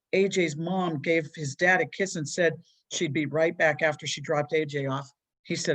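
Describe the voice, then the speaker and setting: A woman's voice: low voice, steady tone, moderate pace, a bit bright. Woman, children's author, reading aloud, earnest, plain delivery. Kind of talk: reading her own children's book aloud.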